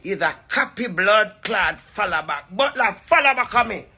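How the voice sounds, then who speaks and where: A woman with a Jamaican accent ranting at a rival to camera, brash, profane and mocking, breaking into sudden loud cries. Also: medium pitch, animated, moderate pace, breathy edge. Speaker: entertainer addressing a rival. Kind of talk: rambling taunting rant to camera.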